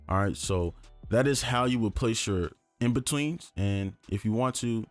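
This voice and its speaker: A man's voice: fairly low pitch, normal speed, dry recording, faint music behind. A young man casually teaching beat production in a tutorial, talking loosely with fillers as he works. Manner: relaxed, conversational, lots of fillers like "um" and "right?". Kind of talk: casual screen-recorded tutorial.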